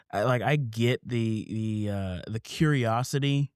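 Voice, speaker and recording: A man co-hosting a casual talk about comics, reacting with wry quick asides. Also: on the low side, clear, resonant tone, no room sound, clean studio sound. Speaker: podcast co-host.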